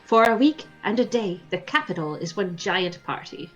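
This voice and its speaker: A woman's voice: mid-range voice, animated, moderate pace, lo-fi sound, faint music behind. A woman narrating an interactive story game on a livestream as game master, slipping between storytelling and giggly chat.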